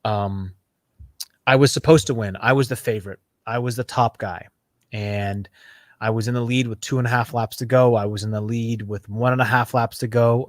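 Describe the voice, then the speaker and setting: A man's voice: mid-range voice, a bit bright, no echo, studio quality. Reflective man in his thirties telling a story. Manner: reflective, builds with repeated phrases. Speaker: podcast guest. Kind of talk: personal storytelling.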